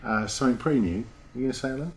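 A man's voice: medium pitch, very fast, a little hiss or hum. A man hosting a podcast in a casual, chatty and joking way. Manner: chatty, joking, self-mocking. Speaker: podcast host.

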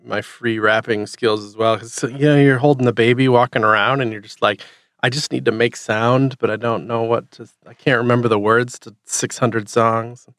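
A man with a medium-pitched, fairly bright voice and fairly even intonation speaks at a moderate pace in a dry, studio-quality recording. Co-hosting a podcast, he chats casually in an easygoing, musing way with a wry edge.

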